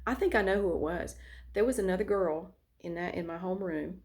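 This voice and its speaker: A woman's voice: on the low side, fairly quick, a little mellow. A woman vlogger telling a personal story in a candid, frank way with casual swearing.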